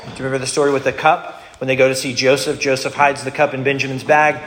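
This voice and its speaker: A man's voice: medium pitch, little pitch movement, fast, fairly bright tone. A male pastor giving an expository sermon in a conversational teaching manner, often restarting his phrases. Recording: roomy hall echo, faint noise.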